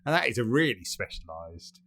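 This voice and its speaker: A man's voice: on the low side, very animated, a little fast, vocal fry, fairly bright tone. A man co-hosting a design podcast in casual chat, hesitant and rambling with many fillers. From United Kingdom. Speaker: podcast co-host.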